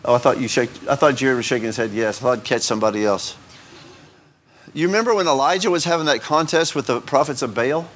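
A pastor preaching an informal sermon in a conversational, joking way, often asking the congregation questions. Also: male voice, mid-range voice, fast talker, a bit bright, slight background noise.

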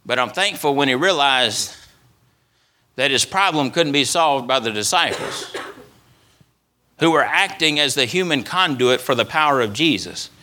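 A man's voice: mid-range voice, lively intonation, normal speed, sharp tone. A man preaching a sermon as pastor, repeating phrases for emphasis and letting his voice rise and fall. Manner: preaching with rising and falling emphasis.

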